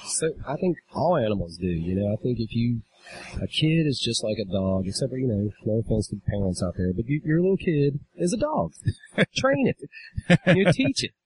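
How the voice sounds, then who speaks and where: A man's voice: mid-range voice, fairly quick, poor audio. Brief: man, casual podcaster, profane storyteller, drifts off-mic, faint noise behind. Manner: profane storyteller, animated when retelling a quarrel. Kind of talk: casual chat. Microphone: drifts from the mic at times.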